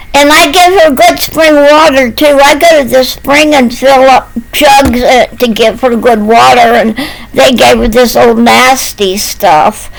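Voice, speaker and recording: An older woman telling a homespun story to the camera in a slow, doting, sing-song voice, slipping into baby talk. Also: sits high, gravelly, low-quality recording.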